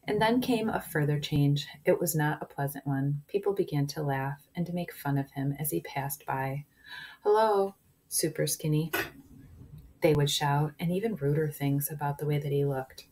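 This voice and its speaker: A woman reading a children's book aloud, shifting into hushed whispers at tense moments. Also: deep voice, normal speed, hardly any pauses. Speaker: reader.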